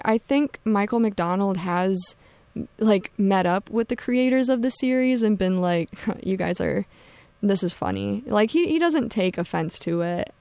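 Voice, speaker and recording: A woman's voice: mid-range voice, a little mellow, clear, resonant tone, no room sound. A young woman hosting a college radio show, talking loosely and casually with lots of fillers. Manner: chatty, loose, many fillers and "like"s. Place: radio studio.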